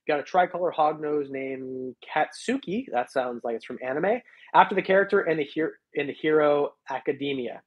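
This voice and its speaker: A man's voice: on the high side, husky. A man hosting a reptile live stream, chatting casually and rambling as he thanks viewers by name. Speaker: reptile channel host.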